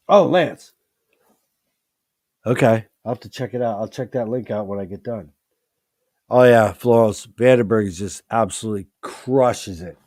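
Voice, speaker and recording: A man hosting a live stream, talking excitedly about his favourite rock albums, swearing freely and often restarting his sentences. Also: lowish voice, normal speed, pauses often, dry recording, studio quality. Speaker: host. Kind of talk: live-stream music chat.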